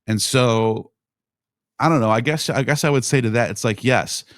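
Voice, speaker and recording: A man's voice: medium pitch, moderate pace, a bit bright, dry recording. A man as a podcast guest in casual discussion, thinking aloud in meandering explanations.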